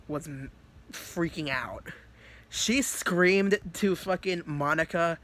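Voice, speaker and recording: A man's voice: a little high, fairly even intonation, measured pace, bright, forceful tone, a little hiss or hum. A man telling a story in a casual, rambling way, with many restarts and laughs. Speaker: youtuber.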